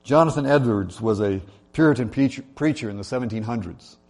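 A man's voice: mid-range voice, brisk, darkish tone. A man preaching a sermon in a church, talking in a conversational way with many fillers and building emphasis through lists. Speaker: pastor.

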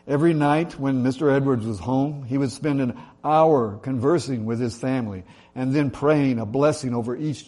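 A man's voice: mid-range voice, darkish tone. A man preaching a sermon in a church, talking in a conversational way with many fillers and building emphasis through lists. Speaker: pastor.

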